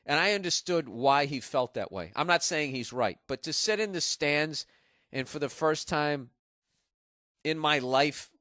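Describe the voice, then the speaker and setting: A man's voice: a little high, expressive, a little slow, bright, forceful tone, no echo, studio quality. A man from Massachusetts, hosting a podcast in a rambling, profane comedic monologue. He is jet-lagged. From Massachusetts, USA. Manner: profane, sarcastic, riffing. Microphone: podcast studio mic.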